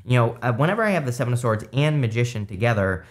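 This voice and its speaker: A man's voice: medium pitch, fast talker. Man, tarot reader, casual unscripted chat, mid-range voice, rambling delivery. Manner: relaxed, rambling, many fillers and restarts.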